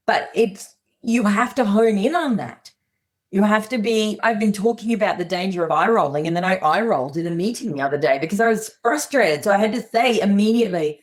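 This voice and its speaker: Podcast guest: middle-aged woman, earnest, plainspoken, slightly low voice. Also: lively intonation, normal speed. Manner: earnest, plainspoken, acts out dialogue in quotes. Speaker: guest psychologist. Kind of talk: podcast interview.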